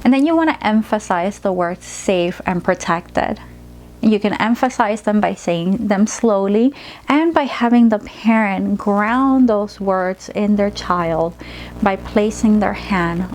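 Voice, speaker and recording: Gentle woman teaching a storytelling technique. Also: medium pitch. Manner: gentle, slow storytelling voice mixed with practical instructions. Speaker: play therapist. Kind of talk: instructional demonstration.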